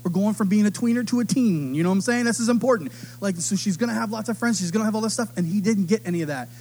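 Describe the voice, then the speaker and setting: A middle-aged man preaching a sermon, telling stories with animated delivery and acting out the voices of others. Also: high-pitched, very fast, a little hiss or hum. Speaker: pastor.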